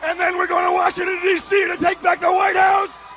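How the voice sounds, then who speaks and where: Man yelling a rally speech, very high strained voice, loud cheering crowd, noisy old clip. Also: completely flat delivery, a little fast. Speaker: politician at a rally.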